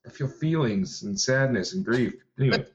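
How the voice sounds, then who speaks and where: A man co-hosts a casual podcast. He teases the others, rambles, and apologizes often. His voice is mid-pitched, and the recording sounds a little dull and lo-fi. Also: animated. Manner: teasing, rambling, quick to apologize. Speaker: podcast co-host.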